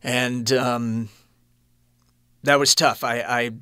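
A man in his late thirties telling his personal story as a podcast guest, earnest and halting, often restarting his sentences. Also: mid-range voice, level tone, sharp tone, clear, resonant tone, no echo, studio quality.

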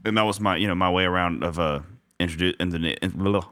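A man with a very low voice talks quickly in a relaxed podcast chat. He rambles and restarts his sentences. The sound is dry and close. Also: no room sound. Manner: rambling, self-correcting. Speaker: podcast co-host. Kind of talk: casual chat.

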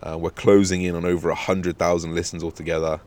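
A young man in his twenties hosts a podcast, telling a casual, animated story packed with swearing and acted-out quotes. His voice is deep and his pace quick.

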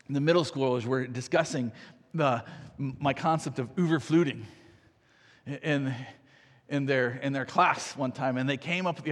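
A man's voice: a little high, a bit bright, long reverb tail. A man preaching a sermon as pastor, conversational and earnest, often checking in with "right?" and restarting his phrases.

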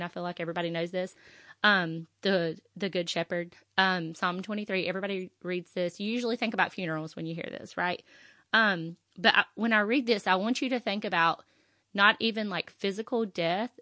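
Female podcast host, heartfelt and casual, full of ums and restarts; lowish voice, dry close sound. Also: sharp tone, dry recording. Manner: earnest and heartfelt, with frequent fillers and restarts. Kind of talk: faith podcast monologue, reading scripture.

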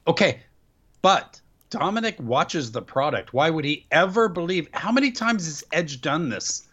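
A man's voice: fairly high pitch, lively intonation, normal speed, fairly bright tone, breathy edge. Joking man on a lo-fi track. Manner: joking, wry banter. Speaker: podcast co-host. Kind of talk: casual chat. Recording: dull lo-fi sound.

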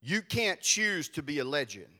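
A man's voice: a little high, very animated, moderate pace, pushed and bright. A man preaching a sermon in a church, talking conversationally and animatedly to his congregation. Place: church sanctuary. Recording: long reverb of a large hall.

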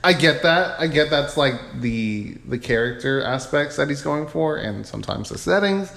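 A man co-hosting a casual movie podcast, giving relaxed, thoughtful opinions. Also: mid-range voice, moderate pace, gravelly. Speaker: podcast co-host. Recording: echoey room.

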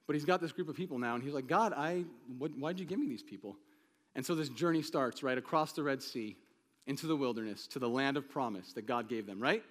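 A man's voice: a little high, fairly bright tone, long reverb tail. A man preaching a conversational sermon to a congregation, asking them questions and acting out the quoted lines. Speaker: pastor.

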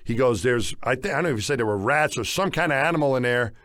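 A man casually recounting an outdoor expedition in conversation, animated and jumping up in pitch when acting out what others said. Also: fast talker, dry recording, studio quality. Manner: animated, acts out quotes with big pitch jumps. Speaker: guest recounting expedition stories.

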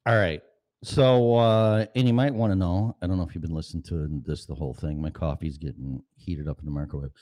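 A podcast host chatting casually and profanely during a sound check, rambling and often clearing his throat. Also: low-pitched, steady tone, brisk, darkish tone.

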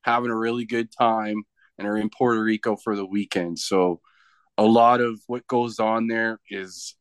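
A man's voice: lowish voice, steady tone, normal speed, clear, resonant tone, no echo. A man from Canada, a wrestler being interviewed, telling a story in a rambling, casual way with many restarts. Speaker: professional wrestler, guest.

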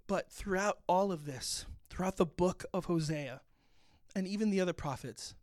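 A man's voice: fairly high pitch, no room sound, studio quality. A man reading scripture aloud and explaining it in an earnest, reflective way, as a pastor giving a Bible talk.

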